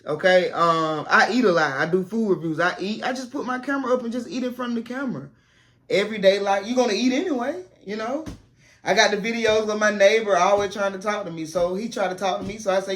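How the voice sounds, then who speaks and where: A down-home woman talking casually to her camera, a former teacher now making content full-time. She speaks in a plain, encouraging way, and her voice has a low, relaxed tone for a woman. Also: fast talker. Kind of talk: casual advice vlog to camera. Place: home set made to look like a classroom.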